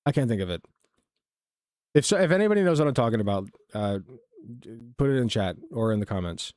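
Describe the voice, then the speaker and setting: Here the man's voice sits lowish and a little mellow, animated and fairly quick, with a dry studio-quality sound. He rambles through casual reaction-stream commentary, profane and constantly breaking off his own sentences.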